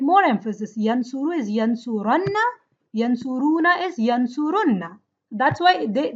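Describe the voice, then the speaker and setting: A woman's voice: high voice, highs cut off. A woman teaching Arabic grammar in an online class, explaining patiently and often checking that her students follow.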